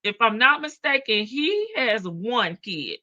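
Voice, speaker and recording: A woman's voice: fairly high pitch, very animated, takes it slowly, bright, forceful tone, highs cut off. A woman hosting a livestream, chatting casually, greeting viewers by name and laughing often. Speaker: livestream host. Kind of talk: casual chat reading out live comments.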